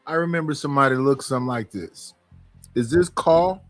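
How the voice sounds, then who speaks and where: A man on a livestream reading viewer names aloud in an unhurried, casual way. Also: medium pitch, no room sound, soft background music.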